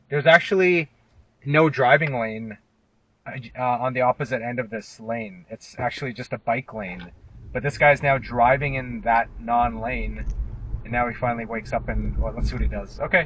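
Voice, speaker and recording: An injury lawyer talks casually while driving through city streets, tossing in wry, sarcastic asides. His voice is mid-range and fairly bright, and the noisy in-car recording picks up car and road sounds.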